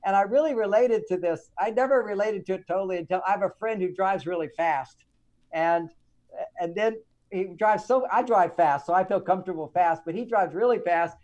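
A man who writes relationship books, appearing as a guest in a casual interview. He speaks with enthusiasm and emphasis and is quick to agree. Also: high voice, a little mellow, dull audio.

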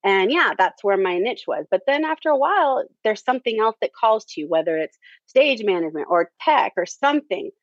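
A woman's voice: mid-range voice, lively intonation, a little fast, no room sound. A woman telling her story in a chatty, conversational way, often leaning on "you know" and "um". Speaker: theater director, interview guest. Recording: dull lo-fi, dry.

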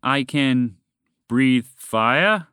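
Big eager dragon in a kids story, talks higher than the narrator, man putting it on. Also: expressive, drawn-out words, sharp tone, smooth, no echo, clean studio sound, full character voice.

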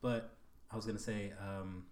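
A man's voice: fairly low pitch, little pitch movement, normal speed, a little mellow. Playful, laughing man podcast co-host. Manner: laughs easily, playful banter. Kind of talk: casual podcast chat.

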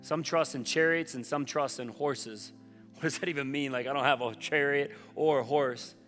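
A man in his thirties, a pastor preaching a sermon in an earnest, conversational way that often drops soft and low. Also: fairly even intonation, normal speed. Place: church auditorium. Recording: long reverb of a large hall with faint music.

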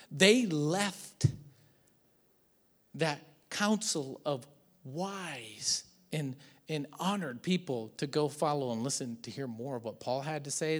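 A man preaching a sermon as pastor, conversational and storytelling, with jokes and sudden swings from quiet to loud. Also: mid-range voice.

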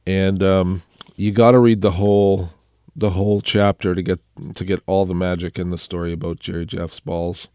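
A man hosts a music radio show while clearly sick, his voice sitting a little low. He rambles casually with plenty of fillers and pokes fun at himself. The sound is dry and close, with no room echo. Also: level tone, moderate pace, mellow. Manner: rambling, filler-heavy, self-deprecating. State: sick, under the weather. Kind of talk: casual radio chat introducing songs.

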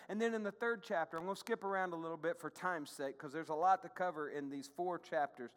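Animated male preacher in an echoey hall. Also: on the high side, quick pace, hardly any pauses, clean tone. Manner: animated, conversational preaching with asides to the congregation. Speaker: pastor. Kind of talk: sermon. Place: church sanctuary.

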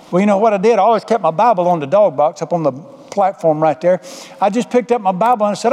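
Fast-talking preacher, hall echo. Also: male voice, sits high, a little mellow. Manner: folksy, humorous, drawling storyteller. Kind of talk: folksy storytelling sermon. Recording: echoey hall.

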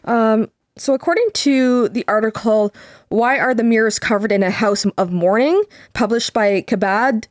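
A young woman co-hosting a casual podcast, calmly reading from articles and quotes with small fillers. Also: a little high, no echo, studio quality. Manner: measured, reads quotes aloud with fillers. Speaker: podcast co-host.

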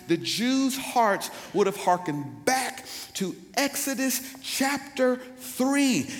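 A man with an African-American accent preaching a sermon in a church, dynamic and playful, swinging into slangy asides and building to loud peaks. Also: high voice. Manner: dynamic, rising to near-shouting peaks; playful, slips into slangy impressions. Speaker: guest preacher. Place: church sanctuary. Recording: church hall reverb.

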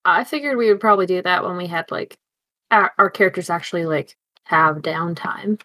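A woman playing in a tabletop game, rambling and filling pauses as she describes the action. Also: fairly low pitch, bright, forceful tone. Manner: rambling, full of fillers. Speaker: player. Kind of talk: casual tabletop game chat.

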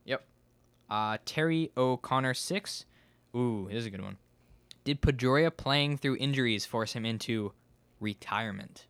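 A young man with a mid-pitched voice runs a casual sports podcast, reading out listener questions and poking fun at his co-hosts. The recording is dry and close. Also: a little slow, a bit bright, smooth, dry recording. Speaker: podcast host.

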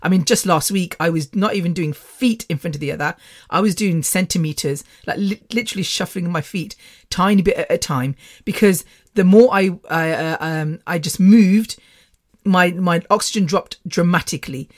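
A woman's voice: on the low side, moderate pace. Middle-aged British woman, casual podcast host, rambling storyteller. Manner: chatty, rambling, laughs often. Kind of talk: casual personal monologue.

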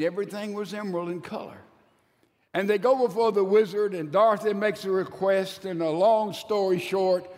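A man preaching a sermon, telling a story with emphasis and drawing out key words slowly. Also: high voice, a little mellow. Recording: long reverb of a large hall.

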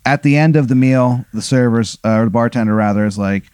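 A man's voice: medium pitch, fairly quick, hardly any pauses, smooth, no room sound. A young man running an improvised comic scenario as game master, casual and profane. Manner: casual, swears a lot, animated retelling. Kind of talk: improvised comedic storytelling.

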